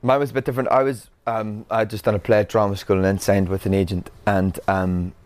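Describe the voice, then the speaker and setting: A man's voice: lowish voice, level tone, fast talker, darkish tone. A young man and actor guest, telling stories in a casual, self-mocking way and laughing at himself. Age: young adult. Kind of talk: casual interview chat.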